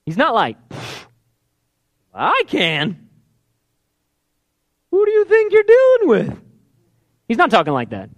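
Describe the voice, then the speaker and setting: A man preaching a sermon, retelling a Bible story and acting out the characters' pleas, dropping to a hush and then rising loud. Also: fairly high pitch. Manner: animated, acts out quoted pleas in hushed then loud voices.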